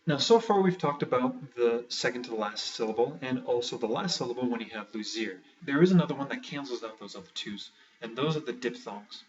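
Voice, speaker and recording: A man's voice: medium pitch, lively intonation, brisk, few pauses. Man teaching with dry, wry asides. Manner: dry, wry asides while walking through rules step by step. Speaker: language teacher. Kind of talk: explaining a lesson. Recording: muffled, somewhat distant mic.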